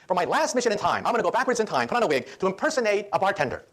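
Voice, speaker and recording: A man voicing an old male time traveler and former drunk, speaking resolutely in a lowered voice. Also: sing-song, very fast, fairly bright tone, exaggerated voice.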